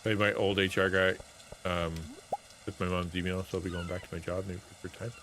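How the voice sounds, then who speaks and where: A man's voice: low-pitched, level tone, a little fast, background noise. A man streaming a game, giving playful, jokey live commentary and talking to his chat. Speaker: streamer and pastor.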